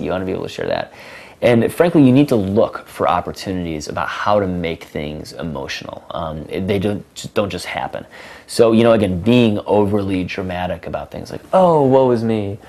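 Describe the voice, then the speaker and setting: A man coaching on dating, talking casually with many fillers and acting out example lines with sudden jumps in pitch. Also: moderate pace, creaky, a little mellow. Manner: many fillers like um and you know. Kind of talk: casual instructional talk.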